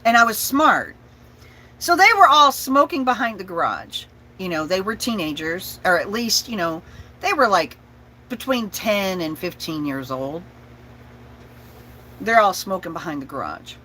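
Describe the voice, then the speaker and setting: A woman's voice: medium pitch, very animated, measured pace, pushed and bright, slight background noise, low-quality recording. A woman telling a personal story with profanity and laughter, acting out her family's voices. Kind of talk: personal story told to an audience.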